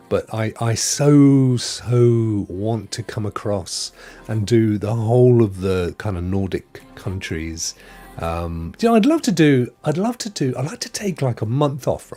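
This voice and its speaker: A middle-aged man hosting a live stream in a chatty, joking way. His husky voice swings up and down a lot as he talks, with faint music playing behind him. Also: mid-range voice, dark tone. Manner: chatty and jokey, answers chat messages by name. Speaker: live stream host reading viewer chat. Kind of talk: casual live chat.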